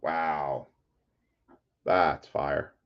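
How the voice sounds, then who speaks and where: A man hosting a live card break, chatty and excitable, calling out player names and shouting over big pulls. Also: a bass voice, very slow, muffled recording.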